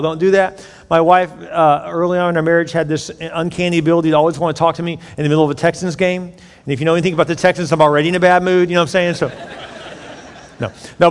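A man delivers a sermon in a relaxed, joking way and now and then punches a point hard. His voice sits a little high. It rings out through a reverberant hall. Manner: conversational and joking, with sudden emphatic bursts. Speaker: pastor. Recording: echoey hall.

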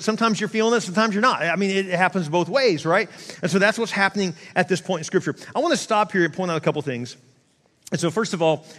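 A man preaching a sermon, his voice sitting high for a man. He talks casually and conversationally, stumbling into restarts and slipping into quoted asides. The sound carries a long reverb, as if from a large church hall. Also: fairly bright tone. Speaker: pastor.

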